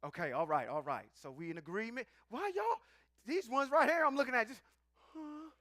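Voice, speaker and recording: Playful guy teaching a live crowd, bright voice, dry close sound. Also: very high voice, normal speed, no room sound. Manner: animated, playful, calls out to the audience. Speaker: teacher of scripture.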